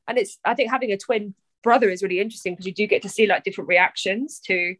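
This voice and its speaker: A woman's voice: medium pitch, quick pace, a bit bright, dry recording. A young woman, a poet, talking candidly and animatedly in a podcast conversation, often acting out quoted voices.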